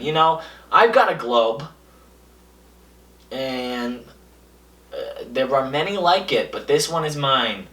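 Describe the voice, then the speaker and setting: A young man hosting a comedy show, delivering a deadpan monologue full of absurd boasts, his voice jumping between high and low. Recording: echoey room, a bit far from the mic.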